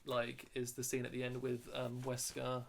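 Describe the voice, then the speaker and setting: A man's voice: mid-range voice, completely flat delivery, normal speed, creaky, slight background noise. A man co-hosting a casual chat, hesitant, often stopping and restarting his sentences. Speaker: podcast co-host.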